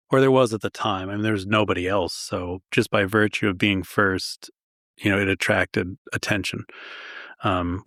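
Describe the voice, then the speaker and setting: A man from Long Island with a somewhat low voice, telling stories as a guest historian. He is enthusiastic and pokes fun at himself. The recording is dry and close to the mic. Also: vocal fry, fairly bright tone, no echo. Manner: self-deprecating, enthusiastic storyteller. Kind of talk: conversational storytelling.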